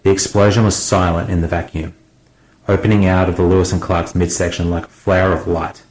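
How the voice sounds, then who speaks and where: Brief: male audiobook narrator, deep and steady, dramatic delivery, echoey room. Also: fairly quick.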